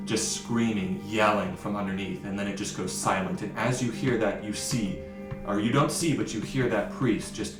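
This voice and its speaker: A man's voice: on the low side, steady tone, normal speed, echoey room, music in the background. A man narrating as game master of a tabletop game, describing scenes and often correcting himself mid-sentence. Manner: descriptive, with frequent self-corrections.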